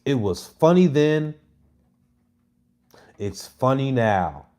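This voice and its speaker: A man in his thirties delivering a brash, mocking monologue to his viewers, with loud jabs and muttered asides. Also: medium pitch, sing-song, takes it slowly. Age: 30s. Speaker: comedy content creator. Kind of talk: casual provocative monologue.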